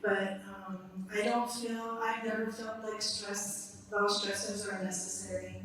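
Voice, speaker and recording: Language teacher, woman, relaxed and laughing, distant mic in a reverberant hall. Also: mid-range voice, a little slow, slight background noise. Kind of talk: live talk answering audience questions. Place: large hall. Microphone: distant room mic. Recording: echoey hall from far off.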